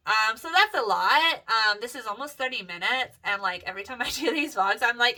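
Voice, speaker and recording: A woman's voice: on the high side, lively intonation, normal speed, hardly any pauses, bright, forceful tone. A young woman vlogging in a casual, rambling monologue, swearing freely and trailing off with fillers and self-corrections.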